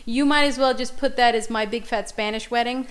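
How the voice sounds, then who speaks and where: A woman's voice: on the high side, fairly even intonation, fairly quick, low-quality recording. A middle-aged woman co-hosting a podcast, telling family stories in casual chat and laughing often. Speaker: podcast co-host.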